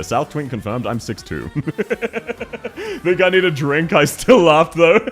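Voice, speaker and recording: A man chatting casually on a livestream, excitable and quick to laugh, talking fast and loud when worked up. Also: on the high side, soft background music. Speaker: streamer.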